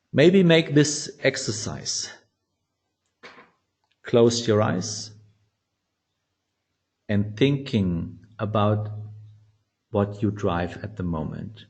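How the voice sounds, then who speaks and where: Animated man explaining with lively pitch. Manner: non-native English, animated, restarts phrases. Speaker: trading educator. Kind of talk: instructional talk.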